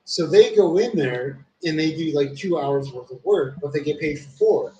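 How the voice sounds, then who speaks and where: A man's voice: a little high, animated, normal speed, a little mellow, muffled recording. A man streaming, telling long rambling stories in casual chat, full of swearing and fillers. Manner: rambling, profane storytelling with many fillers. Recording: echoey room with faint ambient noise.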